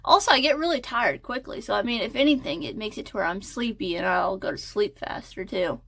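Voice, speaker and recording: A woman's voice: medium pitch, a little fast, creaky, fairly bright tone. A young woman talking in a casual, hesitant ramble full of fillers while getting ready. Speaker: crochet and design vlogger.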